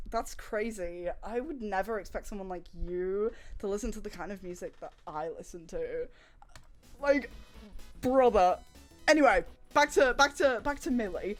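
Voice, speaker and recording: Sarcastic young woman streamer, animated. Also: medium pitch, normal speed, faint music behind. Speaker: livestreamer. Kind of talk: casual stream chat.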